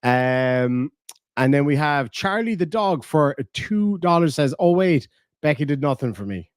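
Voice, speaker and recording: A man hosts a livestream in easy, profane chat, reading out donations and spinning jokey stories. His voice sits a bit high for a man and sounds dry and close to the mic. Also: sing-song, a little slow, no echo. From Ireland. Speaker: livestream host.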